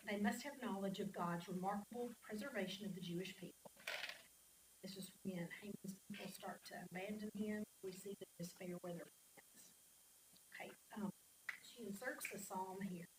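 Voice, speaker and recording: A woman teaching a casual Bible study class in a church, chatting with the class and reading scripture aloud. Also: mid-range voice. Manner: conversational, asks the class questions, reads scripture aloud. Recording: echoey room, mic at a distance, faint hiss.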